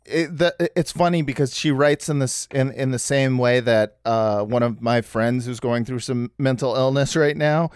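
A man's voice: medium pitch, moderate pace, few pauses, clean tone, no room sound, clean studio sound. A man co-hosting a casual chat, rambling with many restarts and jokes. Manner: rambling, self-interrupting, jokey. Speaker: podcast co-host.

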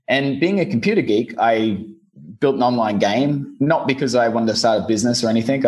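A man from Australia with an Australian accent, a guest chatting casually and speaking slowly on purpose. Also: medium pitch. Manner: relaxed, easygoing, deliberately slowed delivery. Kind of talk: casual interview chat.

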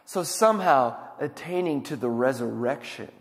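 A male pastor preaching a sermon, swinging from loud emphatic lines to hushed ones. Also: medium pitch, animated, moderate pace, in a large hall.

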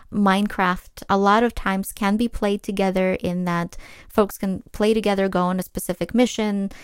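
A woman's voice: medium pitch, clear, resonant tone, dry recording, clean studio sound. A woman giving her professional view in an articulate way as a guest on a podcast. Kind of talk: podcast interview answer.

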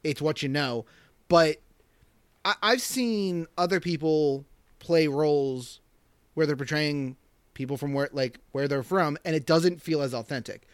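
A man co-hosting a podcast, rambling in animated, casual talk about films. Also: on the high side, unhurried, clean tone, dry recording. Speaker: podcast co-host. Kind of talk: casual chat.

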